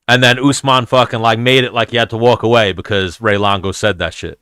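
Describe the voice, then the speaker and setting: A man's voice: medium pitch, brisk, hardly any pauses, clear, resonant tone, dry recording, clean studio sound. A man hosting a podcast, telling casual stories, swearing freely and acting out what others said. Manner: profane, animated storyteller acting out quotes. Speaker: podcast host. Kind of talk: casual storytelling chat.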